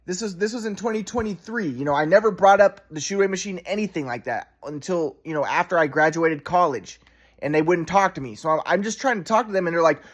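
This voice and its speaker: A man's voice: high voice, animated, fast talker. A man in his thirties in a rambling, repetitive casual monologue, agitated and swearing.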